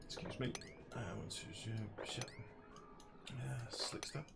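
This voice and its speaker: A man's voice: mid-range voice, flat delivery, unhurried, creaky, whispered. A man commentating casually on a live game stream, chatty, profane and self-mocking. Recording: music playing behind.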